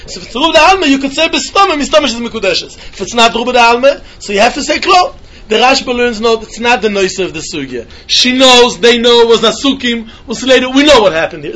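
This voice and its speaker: Fast high-voiced man teaching Talmud. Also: a bit bright. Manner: quick sing-song study chant, mixing English with Hebrew and Yiddish. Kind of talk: yeshiva-style Talmud lecture.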